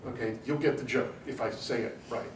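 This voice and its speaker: A man giving a university class lecture, telling anecdotes in an animated, chatty way with frequent "you know"s. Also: mid-range voice, brisk. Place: lecture room. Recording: roomy classroom, distant mic, faint hum.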